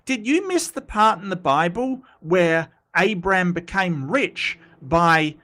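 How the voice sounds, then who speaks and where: A man hosts a casual live stream, talking in a sarcastic, exasperated ramble full of restarts. His voice sits a little higher than most men's. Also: sharp tone. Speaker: host.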